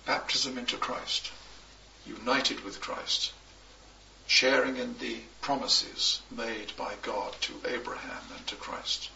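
Man preaching a sermon, bright gravelly voice, roomy dull recording. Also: mid-range voice, fairly even intonation, slight background noise. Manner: slow, emphatic, measured delivery with pauses between phrases. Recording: echoey, distant, dull recording.

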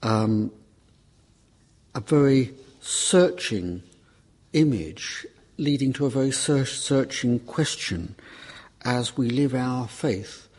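Slow, husky-voiced man preaching. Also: medium pitch, a little mellow. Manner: measured, emphatic, repeats key words for stress. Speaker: lay preacher giving a Bible class talk. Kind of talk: sermon.

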